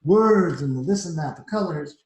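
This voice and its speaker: A bunch of eager little field mice pipe up with loud, pleading questions, put on by a man reading a storybook. The voice rides a bit high and carries a roomy echo. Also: lively intonation, normal speed, close to an everyday voice. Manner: louder, higher, pleading questions.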